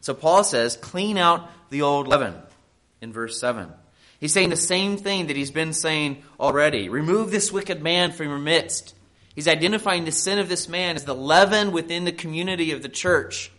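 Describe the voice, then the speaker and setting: High-voiced man preaching earnestly. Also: animated, normal speed, bright, forceful tone. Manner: earnest, emphatic preaching with rhetorical questions. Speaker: pastor. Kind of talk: sermon.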